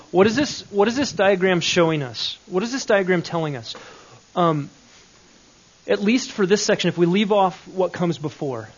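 A man's voice: high voice, lo-fi sound. A man teaching a Bible grammar lesson, explaining step by step and checking in with questions.

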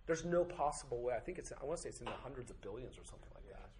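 A man's voice: medium pitch, lively intonation, racing, a crowd in the background. A man teaching a Bible study class, firing off strings of rhetorical questions with occasional joking asides. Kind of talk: teaching to a group.

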